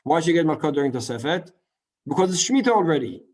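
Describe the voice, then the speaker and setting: A man teaching a Talmud class in a lively lecture style, full of rhetorical questions and quick asides. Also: on the high side. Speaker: Torah teacher.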